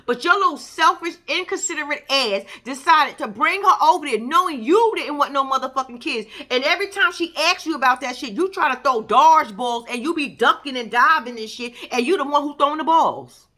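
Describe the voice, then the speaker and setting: High, lively, blunt-talking woman. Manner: blunt, profane, exasperated ranting. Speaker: reality TV reaction vlogger. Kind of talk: casual reaction commentary.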